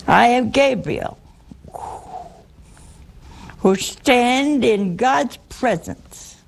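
A woman voicing a solemn male archangel messenger, speaking in slow, deliberate pronouncements. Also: on the high side, animated, gravelly, a little hiss or hum, exaggerated voice. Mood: stern.

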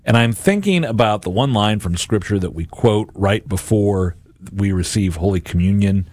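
A man's voice: fairly low pitch, lively intonation, normal speed, darkish tone, no echo, clean studio sound. A middle-aged man, a radio and podcast host, giving a Catholic reflection on Scripture and acting out imagined voices in quotes.

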